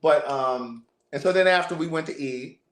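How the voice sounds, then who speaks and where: A man hosting a livestream, telling a family story in a casual, animated way, often repeating words. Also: on the high side, normal speed. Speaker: livestream host. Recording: roomy echo.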